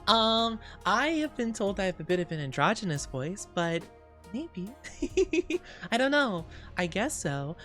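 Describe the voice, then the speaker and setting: A woman in a mid-range voice chats casually on a live stream, rambling and giggling as she answers chat. Her voice sounds a little scratchy today. Soft background music plays faintly underneath. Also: mid-range voice, big pitch swings, measured pace. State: slightly scratchy voice. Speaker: VTuber streamer.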